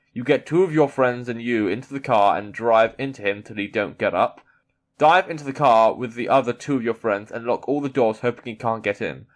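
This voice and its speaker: A man reading an online quiz aloud in character and reacting to it, swearing casually and boasting in mock bravado. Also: mid-range voice. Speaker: YouTuber playing a character persona.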